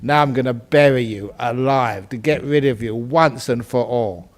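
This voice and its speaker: A man voicing a spiteful, grumpy old farmer who speaks slowly and gloats. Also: mid-range voice, pitched below the performer's own voice, natural voice. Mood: gloating. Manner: slow, gloating, deliberate.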